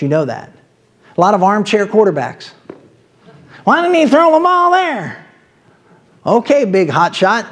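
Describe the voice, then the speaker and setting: Male pastor with an Ohio accent, slightly high voice, chatty sermon delivery with asides. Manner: conversational preaching with asides and laughs.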